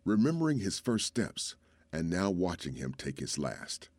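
Storyteller, male, solemn and measured, deep voice, dry close sound. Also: wildly swooping pitch, a little mellow, no room sound. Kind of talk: scripted story narration.

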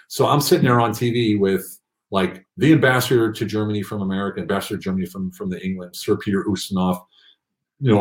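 A middle-aged man telling his story at home in a casual, animated way, often laughing and acting out other people's voices. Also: fairly low pitch. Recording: echoey room.

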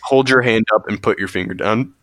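A young man in his early twenties co-hosting a casual podcast, teasing with short deadpan quips. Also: on the low side, fairly quick, no room sound, clean studio sound. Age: young adult. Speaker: podcast co-host. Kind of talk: casual chat.

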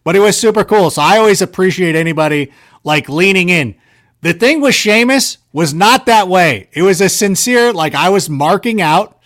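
A man casually telling stories on a podcast, animated and self-deprecating, filling his talk with "like" and "you know". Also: sits high, moderate pace. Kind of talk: casual storytelling chat.

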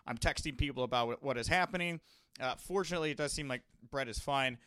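A young man hosting a podcast, telling rambling, animated anecdotes in a casual monologue. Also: mid-range voice, fast, smooth, no room sound, clean studio sound. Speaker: wrestling podcast host.

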